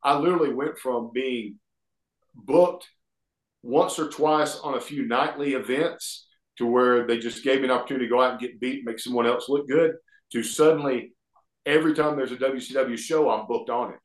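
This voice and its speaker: A middle-aged man with an Alabama Southern accent, a guest telling stories in a folksy, animated way. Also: mid-range voice, moderate pace. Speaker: guest, former pro wrestler. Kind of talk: casual storytelling interview. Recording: echoey room.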